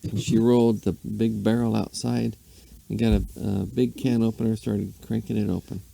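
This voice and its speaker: A man's voice: fairly low pitch, flat delivery, normal speed, creaky, mellow. A man, a dad, rambling playfully through an improvised bedtime story. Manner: rambling, playful, with silly asides.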